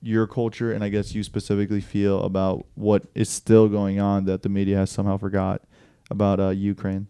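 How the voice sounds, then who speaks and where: Low, mellow-voiced man in casual chat. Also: completely flat delivery, a little fast, few pauses, clean tone, no echo, clean studio sound. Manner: loose and profane, acts out quoted people. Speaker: podcast co-host. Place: Wisconsin.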